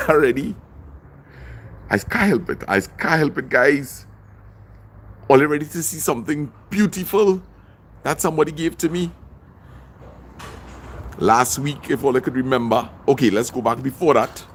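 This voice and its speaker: His voice sits a little high, and some slight background noise is audible. He's a middle-aged livestream host, casually going through viewer comments and greeting each person by name.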